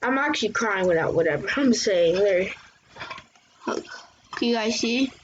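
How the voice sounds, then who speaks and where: Speaking at a moderate pace in an expressive, mid-range voice, this woman runs her channel's gameplay commentary, chatting and exclaiming as she reacts to the game. The audio is muffled lo-fi with a faint hiss.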